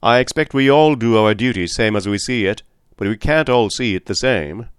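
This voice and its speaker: A man voicing a gruff, good-humoured middle-aged police captain who talks in a bluff, bantering way. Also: on the low side, normal speed, dry recording, clean studio sound, close to an everyday voice.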